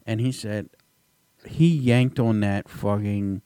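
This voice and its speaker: A man co-hosting a podcast, talking excitedly about a fight, swearing and laughing often. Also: lowish voice, slow, smooth, no echo, clean studio sound. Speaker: podcast co-host. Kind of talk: casual chat.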